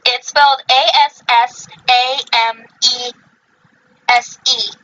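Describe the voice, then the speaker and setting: A woman's voice: high voice, level tone, slow pace, sharp tone, muffled recording. A woman hosting a podcast in casual chat, rambling with many fillers and self-corrections. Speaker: podcast host.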